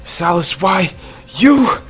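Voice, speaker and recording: Yamoshi, a man voicing a yelling Saiyan warrior. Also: big pitch swings, slow, breathy edge, soft background music, full character voice. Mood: anguished. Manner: strained high-pitched yelling. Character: young male Saiyan warrior, desperate and grief-stricken.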